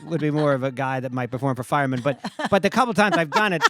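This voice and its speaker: A man's voice: on the high side, expressive, fast, a bit bright. A man, a comedian co-host, in casual chat, talking with stammering restarts.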